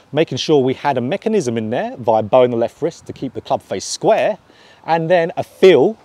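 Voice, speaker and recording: A man's voice: medium pitch, dark tone, no echo. A man, a golf coach explaining swing changes in an online lesson, counting off his points.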